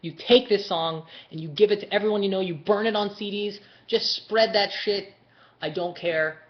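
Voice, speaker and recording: A man hosting a live fan chat, talking casually, excitable and swearing, shouting bursts and then mumbling while reading. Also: a little high. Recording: dull lo-fi webcast audio with faint noise.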